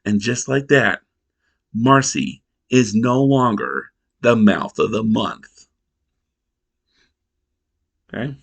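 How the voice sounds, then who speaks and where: A man's voice: fairly low pitch, lively intonation, gravelly, slightly rough. A male reviewer recaps a sitcom in a loose, casual voice. He rambles, halts and restarts sentences as he goes. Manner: rambling, halting, restarts a lot. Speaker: TV episode reviewer.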